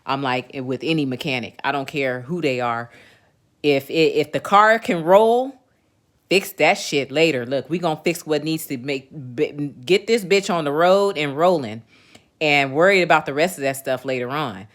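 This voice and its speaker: A livestream host in her forties, speaking in a low voice at normal speed, vents casually to her viewers. Candid, emphatic, and freely swearing, she talks straight to them, keeps checking in with chat, and often asks "you know what I'm saying."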